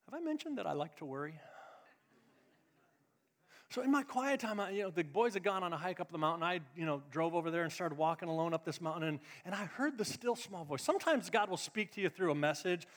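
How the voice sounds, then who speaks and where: A middle-aged man preaching a sermon as pastor, swinging between loud emphatic lines and hushed, confiding asides. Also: sits high, lively intonation, a little fast. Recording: long reverb of a large hall.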